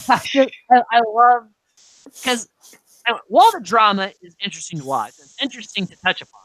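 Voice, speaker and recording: A young woman co-hosting a casual podcast, recapping a reality show with animated storytelling, acting out quotes, laughing and swearing freely. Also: a little high, moderate pace, dry recording, low-quality recording. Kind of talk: casual chat.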